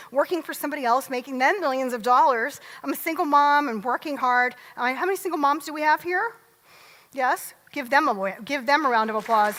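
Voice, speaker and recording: Middle-aged woman, motivational speaker, high voice, quizzes the crowd, long hall reverb. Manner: lively, joking, asks the audience questions. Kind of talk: motivational stage talk. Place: large event hall.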